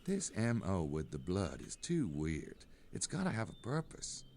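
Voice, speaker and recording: A dry, sardonic investigator in a point-and-click game, his voice very deep. His delivery is unhurried, swinging between low and high notes. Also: wildly swooping pitch, vocal fry, darkish tone, slight background noise, full character voice. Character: Gabriel Knight, dry wisecracking male investigator. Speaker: adventure game lead character. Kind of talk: game voice acting.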